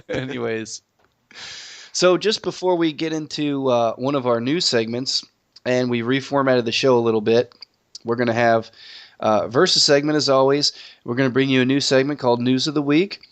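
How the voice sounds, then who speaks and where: A man hosts a laid-back gaming podcast while fighting a cold, sniffling between lines. His voice sits in an ordinary middle pitch, and he keeps things loose with easy jokes. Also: normal speed. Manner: joking, relaxed. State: sick, sniffling. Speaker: podcast host. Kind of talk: casual gaming podcast chat.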